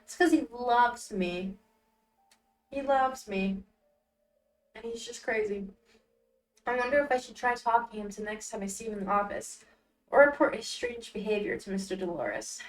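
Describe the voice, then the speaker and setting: A woman's voice: a little high, big pitch swings, moderate pace, pauses often, echoey room, far from the mic, poor audio. A young adult woman streaming a story game, reading narration aloud and making playful, dramatic asides.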